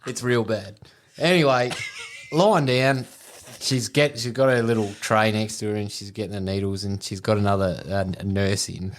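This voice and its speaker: Casting: Australian man, lowish voice, crude storyteller, laughs often. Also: normal speed. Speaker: podcast co-host. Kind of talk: casual storytelling.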